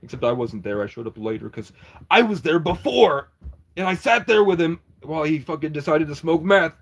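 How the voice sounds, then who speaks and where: A man's voice: on the high side, animated, a little fast. Rambling, cursing male livestreamer. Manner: profane, rambling, answers chat.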